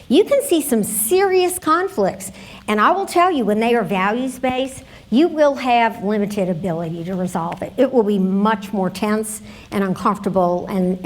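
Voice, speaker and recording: A woman giving a conference workshop talk, conversational and telling stories straight to the audience. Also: a little high. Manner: storytelling, conversational, addresses audience directly. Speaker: conference presenter.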